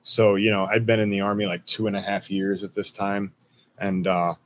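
A man in his thirties, an army veteran, telling stories in a relaxed, profane, chatty way and often breaking into laughter. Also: fairly low pitch, normal speed, a little hiss or hum. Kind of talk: casual storytelling interview.

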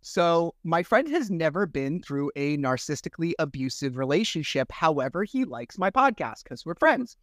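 Podcast host, male, slightly high voice, chatty and animated, dry close sound. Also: normal speed, few pauses, dry recording. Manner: chatty, animated storyteller with fillers. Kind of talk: casual podcast chat.

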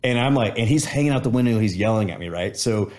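A man's voice: lowish voice, expressive, quick pace, a little mellow. A man in casual conversation, reflecting on gratitude and telling a story with many restarts.

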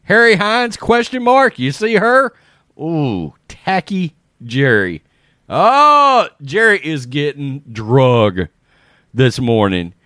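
Lively high-voiced man laughing through commentary. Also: slow, dry recording, studio quality. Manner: animated, laughing, exclaiming. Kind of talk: casual commentary reading social media posts aloud.

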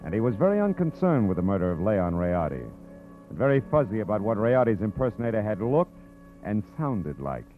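Hard-boiled detective, wisecracking, tough talk, low voice, 1940s radio, phone-thin sound. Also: male voice, sing-song, fairly quick, faint music behind. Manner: wry, tough-talking. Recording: tinny old radio broadcast.

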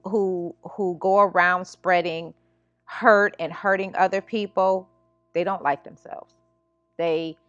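A woman with a slightly low voice talks earnestly on her self-help podcast, circling back with "you know" and restarting her sentences. The dry, slightly dull recording sits close, with faint music underneath. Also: no echo. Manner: earnest, repeats "you know what I'm saying", many restarts. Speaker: podcast host and life coach. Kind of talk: casual spiritual self-help monologue.

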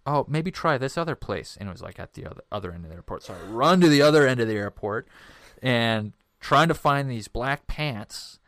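A man's voice: medium pitch, expressive, fairly quick, hardly any pauses, fairly bright tone, no echo. A young man telling a story on a podcast in a rambling, filler-heavy way, dry close mic. His delivery is loose and self-deprecating, with a mid-range voice. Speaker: podcast co-host. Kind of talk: casual storytelling.

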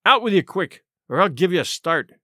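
A man's voice: sits high, big pitch swings, fairly quick, dry recording, clean studio sound, heavily acted. A man doing a curt, stern desk sergeant. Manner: curt, loud, hostile.

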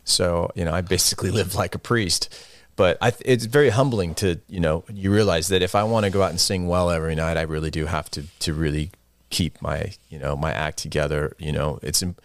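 A man's voice: deep voice, fairly even intonation, fairly quick, few pauses, no echo. A middle-aged man, a guest musician, telling rambling, self-deprecating stories in a casual interview and laughing often.

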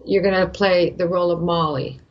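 An older woman from Canada, an actress guest, telling an animated story and acting out the voices of the people in it. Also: on the low side, brisk, muffled recording, soft background music. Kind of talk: animated anecdote in a podcast interview.

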